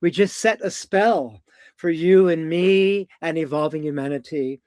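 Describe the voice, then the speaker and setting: A man talking in a live video conversation, speaking in slow, poetic, incantatory phrases about practice and presence. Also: a little high, darkish tone, dry recording. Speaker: guest on a live video talk. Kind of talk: casual spiritual conversation.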